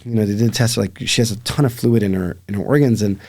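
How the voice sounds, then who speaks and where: Low-voiced man telling a painful story. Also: quick pace, a little mellow. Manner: earnest, reflective, many fillers. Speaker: podcast guest, life coach. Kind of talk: emotional personal storytelling.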